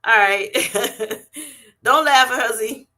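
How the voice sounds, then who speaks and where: Bright-voiced woman hosting a laughing live chat. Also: fairly high pitch, drawn-out words. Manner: animated, laughing often, reading chat comments aloud. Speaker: livestream host. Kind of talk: casual livestream chat. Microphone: webcam or streaming setup.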